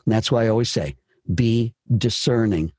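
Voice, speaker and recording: A man's voice: lowish voice, normal speed, dark tone, no echo, studio quality. A man explaining voice-acting technique in an emphatic teaching manner, posing rhetorical questions. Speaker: voice-over coach. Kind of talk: conversational interview.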